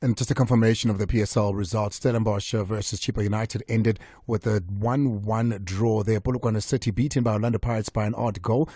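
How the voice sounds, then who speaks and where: Dark, husky radio host. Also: male voice, lowish voice, fairly quick, hardly any pauses, no echo, studio quality. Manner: chatty, reads scores in a relaxed run with many fillers. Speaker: radio sports show host. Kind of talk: casual radio sports chat. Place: radio studio. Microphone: studio microphone.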